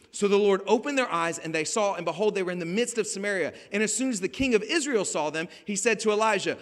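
A man preaching a conversational sermon as a pastor, rising to emphatic shouts. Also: high-pitched, quick pace, in a large hall. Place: outdoors at a beach gathering.

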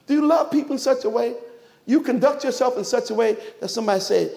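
High-voiced emphatic male preacher. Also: fast talker, creaky, a little mellow. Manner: emphatic preaching with rhetorical questions and joking asides. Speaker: pastor. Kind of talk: sermon.

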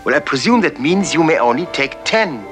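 Fake-French waiter, fussy, lilting pitch, music under the old TV audio. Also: male voice, very animated, brisk. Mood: puzzled. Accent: put-on French. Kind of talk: 1960s TV drama acting. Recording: old TV clip with music behind.

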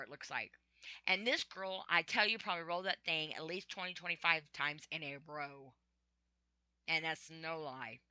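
A woman's voice: low voice, unhurried, sharp tone, clean tone, dry recording. A middle-aged woman talking about her life in a casual personal monologue, chatty and full of ums and laughs. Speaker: vlogger.

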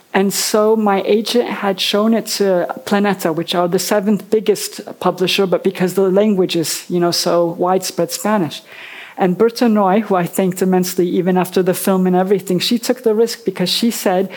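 A woman's voice: mid-range voice, a little mellow. A woman in her fifties, an author and a guest on a book festival stage, telling her story in a chatty, rambling way. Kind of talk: casual on-stage interview.

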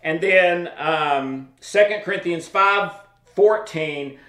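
A man's voice: sits high, lively intonation, slow, sharp tone, echoey room. A man giving an informal Bible teaching in a conversational way, often checking in with his listeners. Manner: conversational, checks in with "okay?" and "all right?".

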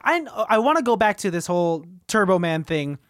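A playful co-host trades quick asides in a casual movie chat. The pitch swings widely and the recording is dry and close. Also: very animated, a bit bright, dry recording. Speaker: podcast co-host.

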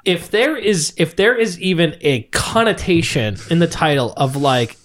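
A man's voice: on the high side, expressive, normal speed, fairly bright tone. A young man in casual chat who talks wryly and hedges with a lot of fillers.

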